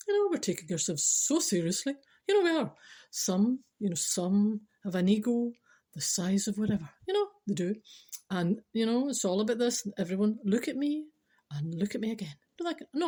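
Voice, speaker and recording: A Scottish woman talks straight to her listeners in a loose, chatty monologue. Her voice is breathy and a little husky, sitting at an ordinary middle pitch. She wanders through little comic stories, circles back on her own words and laughs along as she goes. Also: dark tone. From Scotland. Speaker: podcast host.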